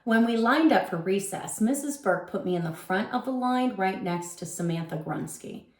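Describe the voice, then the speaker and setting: A woman guest reader reading a children's chapter book aloud with expressive storytelling. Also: mid-range voice, normal speed, echoey room.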